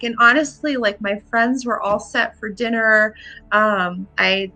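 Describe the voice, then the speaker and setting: Bright chatty woman player. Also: a little high, fairly even intonation, a little slow, faint music behind. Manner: chatty, rambling, with many fillers. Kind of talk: playing a tabletop game.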